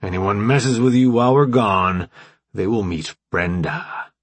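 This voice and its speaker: A man voicing a tough, joking male soldier in an audiobook, speaking slowly and low. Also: breathy edge, no room sound. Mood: dry.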